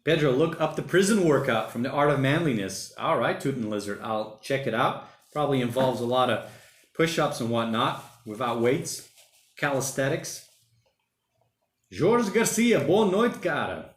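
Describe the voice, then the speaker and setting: A man's voice: medium pitch, normal speed, roomy sound. A man hosting a casual livestream, chatting loosely and reading out viewer comments in a rambling, slangy way. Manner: rambling, chatty, uses slang like mate and bloody. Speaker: livestream host. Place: home during lockdown.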